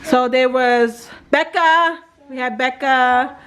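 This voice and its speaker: A woman from Jamaica hosting a casual family vlog at home, chatting in an unhurried way with many filler words. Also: high voice, a bit bright, clean tone. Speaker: mother and family vlog host. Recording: noisy home recording.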